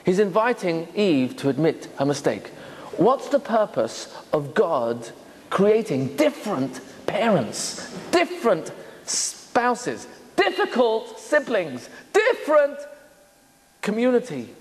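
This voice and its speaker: Male rabbi, sermon, expressive, questions the crowd, ringing hall. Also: sits high, slow, a little hiss or hum. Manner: storytelling, asks rhetorical questions, acts out quotes. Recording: reverberant hall.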